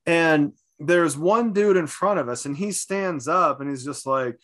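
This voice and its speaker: Lively man telling a sports story. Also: a little high, normal speed. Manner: animated storyteller, acts out quotes. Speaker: podcast co-host. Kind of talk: casual sports chat.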